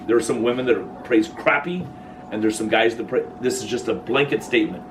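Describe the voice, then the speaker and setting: Talking a little fast in a medium-pitched voice, a man delivers a light, joking dog-training lecture to a workshop audience, acting out the voices he quotes. He is recorded from a distance, and background noise comes through clearly.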